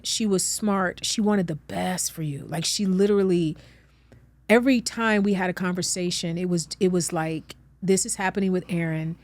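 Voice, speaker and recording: A woman's voice: mid-range voice, no echo. A middle-aged woman, a guest actress, talking earnestly in a heartfelt conversation and turning emphatic when she comforts someone. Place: studio with audience.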